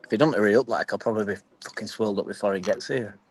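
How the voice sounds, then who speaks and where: A man's voice: lowish voice, very fast, slightly rough, low-quality recording. A young man with a Yorkshire accent chatting casually and swearing freely as he reads and answers his live stream chat. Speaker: football fan vlogger.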